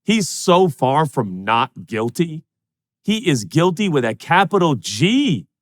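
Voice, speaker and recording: A middle-aged man preaching a sermon as a pastor, swinging between loud emphasis and hushed, intimate asides. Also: on the high side, very animated, slow pace.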